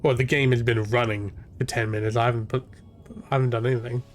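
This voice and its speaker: A man's voice: mid-range voice, little pitch movement, fast talker. A young man rambling and swearing casually through live gameplay commentary as a streamer. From half Irish, half English. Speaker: game streamer.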